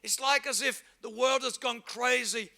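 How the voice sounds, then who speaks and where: A middle-aged man, preaching a humorous sermon that acts out everyday scenes and bursts into shouts for emphasis. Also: extremely high pitch, fairly even intonation, normal speed, gravelly. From England. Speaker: pastor.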